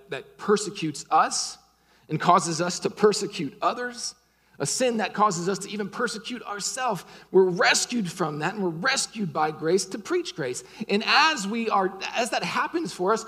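A man's voice: a little high, a bit bright, in a large hall. A man preaching a sermon and leading a closing prayer, impassioned, with rising and falling emphasis and repeated words. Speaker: pastor.

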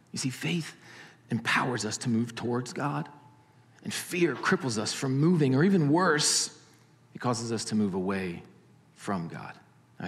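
A man preaching a sermon in an animated storytelling manner, swinging between loud and hushed. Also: medium pitch, long reverb tail. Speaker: pastor.

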